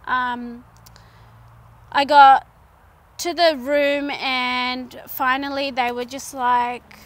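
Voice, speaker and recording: A young woman telling a personal story in a casual vlog, animated and chatty, full of "like" and "um" and acting out her own past lines. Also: high-pitched, drawn-out words. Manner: chatty with fillers like "like" and "um". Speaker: vlogger.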